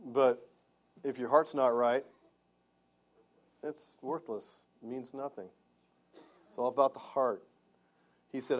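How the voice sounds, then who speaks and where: A male pastor delivering a sermon in a church. He preaches in an earnest, conversational way, often turning to the congregation with questions. His voice sits at an ordinary middle pitch for a man. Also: steady tone, takes it slowly, pauses often.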